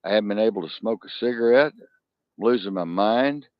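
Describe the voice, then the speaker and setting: A man telling long rambling stories and jokes in casual chat, jumping into high voices when he quotes people. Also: expressive, fairly quick, no echo. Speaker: co-host. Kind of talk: casual storytelling and joke telling. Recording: dull lo-fi sound.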